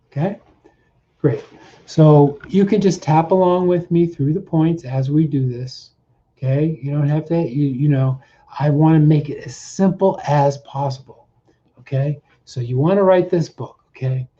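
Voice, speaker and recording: A man's voice: on the high side, a little slow, dark tone. A man coaching viewers through a tapping routine, checking in often with "okay?" and repeating short phrases as he demonstrates, on a dull, slightly noisy recording. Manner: repetitive, coaching with frequent "okay?" check-ins. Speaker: mindset coach. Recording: dull lo-fi sound with faint noise.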